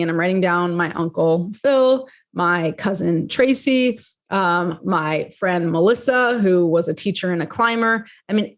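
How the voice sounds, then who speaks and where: A woman hosting her own podcast, coaching listeners in a chatty, animated way and slipping into lively voices when she quotes people. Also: medium pitch. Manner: repeats and restarts phrases while explaining. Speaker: podcast host and business coach. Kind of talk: solo podcast teaching.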